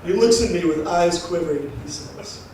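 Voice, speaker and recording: A young man performing a stand-up comedy routine, telling a story in an animated way and acting out the people in it. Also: sits high, fast, a little hiss or hum. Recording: roomy live venue, mic from a distance.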